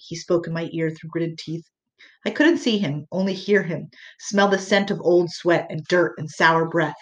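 A woman narrating an audiobook in a measured, earnest way. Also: fairly low pitch.

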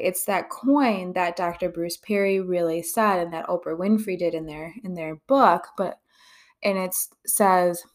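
A woman therapist hosting her own podcast, talking candidly and conversationally, with frequent swearing. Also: fairly low pitch. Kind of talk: casual podcast monologue.

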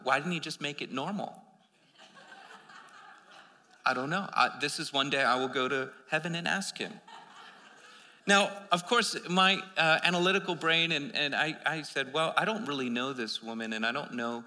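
A man delivers a sermon in a loose, rambling storytelling way, often restarting his sentences. His voice is gravelly and very bright, with a sharp edge. It carries a long reverb from a large hall. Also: mid-range voice. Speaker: preacher.

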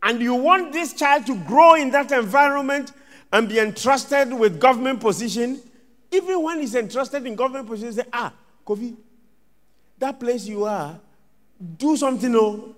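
Male pastor, high voice, theatrical sermon delivery, echoing church hall. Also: expressive, a little fast. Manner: dramatic swings between loud and hushed, acts out scenes. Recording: long reverb of a large hall.

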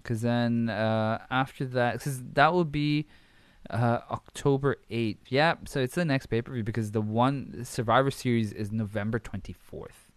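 A man's voice: medium pitch, a little slow, clean tone, no echo. A man hosting a solo podcast, casual and rambling, swearing freely and correcting himself as he goes; he says he keeps switching between accents. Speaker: podcast host.

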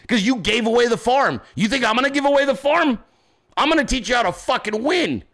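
Male host, high lively voice, combative and profane, ranting from home. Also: brisk, gravelly. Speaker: podcast host. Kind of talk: ranting political commentary. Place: home office at a desk.

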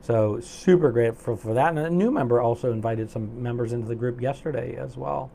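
A man's voice: medium pitch, a little fast, creaky, warm tone, a little hiss or hum. A man hosting a live coaching stream, upbeat and chatty, reading viewers' comments aloud with many fillers.

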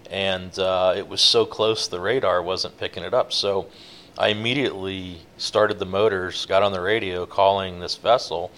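A man telling a long fishing-boat story in a relaxed, rambling interview, with many fillers. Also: deep voice, normal speed. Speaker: guest, offshore fishing boat captain.

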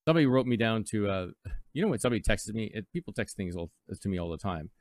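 Low-voiced radio host, rambling. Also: male voice, animated, very fast, dry recording. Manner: rambling, reflective, with playful mock voices. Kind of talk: casual live radio talk. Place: radio studio.

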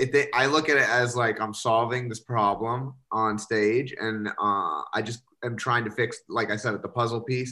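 A man's voice: mid-range voice, sharp tone. A male comedian guest on a podcast, chatting casually in a rambling way, with lots of "like" and frequent laughter. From United States. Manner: rambling, many fillers, laughs often.

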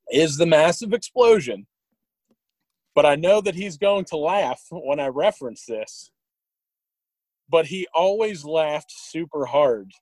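A man's voice: on the high side, no room sound, rough recording. Dry-voiced man telling stories, rambling. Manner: rambling, warm, chuckles while telling stories. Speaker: guest sharing memories. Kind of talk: casual storytelling.

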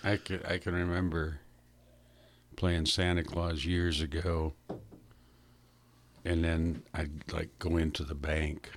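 A man's voice: deep voice, flat delivery, takes it slowly, pauses often, slight background noise. A man co-hosting a radio chat, making dry, matter-of-fact remarks. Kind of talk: casual on-air chat.

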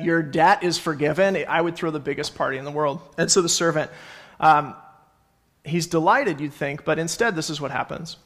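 A man's voice: a little high, a bit bright. Chatty man preaching a sermon. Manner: conversational, self-correcting, reads scripture aloud. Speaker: pastor.

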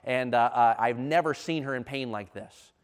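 A man telling a personal story in a sermon, animated and emphatic, his intensity rising as he speaks. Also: medium pitch, normal speed, clear, resonant tone. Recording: long reverb of a hall.

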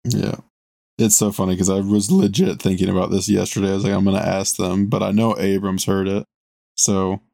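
Low gravelly-voiced podcast guy. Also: level tone, fairly quick, mellow, no room sound, studio quality. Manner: earnest, insists he's not lying. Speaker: podcast co-host. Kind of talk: casual podcast banter.

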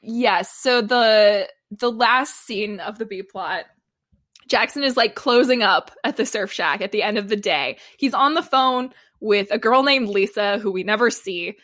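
A woman's voice: medium pitch, a little slow, a bit bright. A woman co-hosting a podcast, recapping a TV episode in casual chat and laughing often. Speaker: podcast co-host.

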